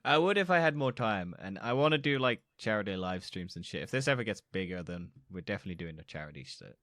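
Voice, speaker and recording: A young man co-hosting a podcast, low-pitched, bright and forceful in tone. He talks bluntly, tossing off crude jokes with lively swings in pitch. The sound is dry and close. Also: no echo. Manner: blunt, crude, quick asides. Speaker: podcast co-host. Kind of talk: casual podcast chat.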